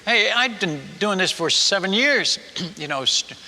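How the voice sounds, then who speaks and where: A missionary preacher telling a self-mocking story in a sermon, animated and full of stammered restarts. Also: male voice, high voice, unhurried, long reverb tail.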